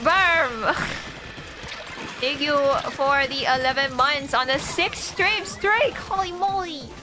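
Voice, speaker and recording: Her voice is high-pitched and she speaks slowly, a young woman chatting with viewers while streaming a game. Music plays behind her in this casual live stream. She laughs a lot, yet she's emotional and tearful.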